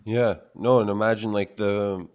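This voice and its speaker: Laid-back host with a low voice. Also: male voice, steady tone, normal speed, a little mellow. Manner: laid-back, encouraging, says "man" often. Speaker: podcast host. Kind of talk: casual interview chat.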